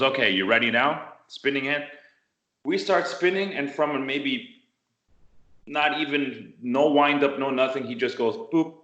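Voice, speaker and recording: A man from the United States telling a martial arts story in an interview, animated and acting out what people said. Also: mid-range voice, dull audio. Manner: animated storyteller, acts out quotes. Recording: roomy echo.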